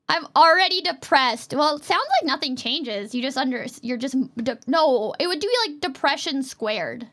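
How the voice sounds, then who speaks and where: A young adult woman streaming as a VTuber, chatting casually and playfully with her chat in quick jokey asides. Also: high-pitched, fairly bright tone.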